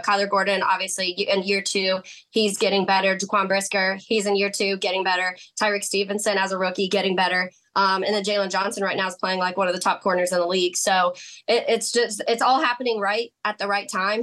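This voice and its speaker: A woman's voice: medium pitch, a bit bright. Chatty woman sports analyst. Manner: chatty, quick, laughs often. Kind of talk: casual podcast chat.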